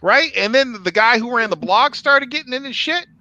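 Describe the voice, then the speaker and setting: A man hosting a podcast, telling a story in a casual, profane, animated way. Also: extremely high pitch, moderate pace, no room sound, highs cut off. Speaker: podcast host.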